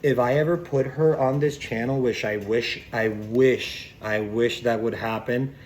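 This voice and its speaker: Casual vlogger, profane rambling storyteller, mid-pitched man. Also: steady tone, a little slow, darkish tone, a little hiss or hum.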